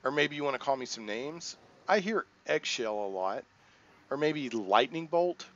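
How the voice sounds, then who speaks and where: A man's voice: medium pitch, animated, moderate pace, a bit bright, muffled recording, voice pushed up. A man reading out the lines of a frail, defensive mutant teenage boy in a video game, in a raised, defiant voice.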